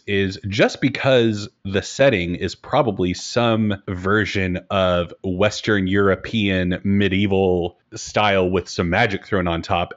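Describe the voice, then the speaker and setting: Low-voiced man, chatty game master. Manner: chatty, self-deprecating, candid. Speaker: game master and host of a broadcast tabletop game show. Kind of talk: relaxed podcast conversation. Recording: dull lo-fi recording.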